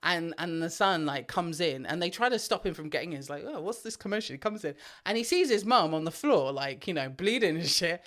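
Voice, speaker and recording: Woman, podcast co-host, animated storyteller, swears freely, casual chat. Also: lowish voice, brisk, few pauses.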